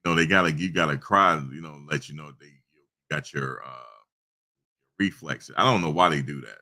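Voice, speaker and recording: Very deep-voiced man rambling casually. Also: moderate pace, bright, forceful tone. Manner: rambling storytelling with many restarts. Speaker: channel host. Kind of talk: casual live-stream chat. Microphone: desktop USB microphone.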